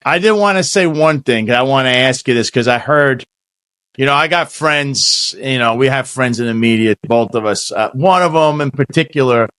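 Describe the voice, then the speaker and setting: A man's voice: mid-range voice, normal speed, a bit bright, clear, resonant tone, dry recording. A man hosting a podcast interview in a casual, rambling way, often restarting his sentences. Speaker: podcast host.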